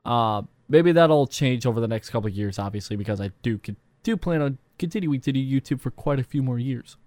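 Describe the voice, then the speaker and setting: A man's voice: medium pitch, expressive, brisk, a little mellow, no echo. A young man vlogging casually, rambling and self-deprecating with lots of fillers. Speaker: YouTuber. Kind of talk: casual vlog talk.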